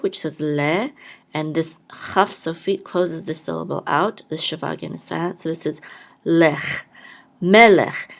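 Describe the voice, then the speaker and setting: A woman hosting a podcast, patiently teaching a reading lesson, sounding out syllables one by one and repeating each word. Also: sits low. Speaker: podcast host and Hebrew blessing teacher. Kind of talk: slow step-by-step reading lesson.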